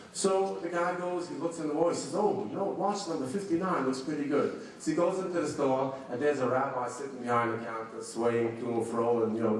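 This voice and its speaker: A man's voice: mid-range voice, a little hiss or hum. A man tells jokes as long stories and keeps promising they are true. His voice sits in a middle range. He is recorded from far off in a very echoey hall. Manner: plain-spoken, insisting each tale is true. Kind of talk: storytelling jokes. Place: large banquet hall.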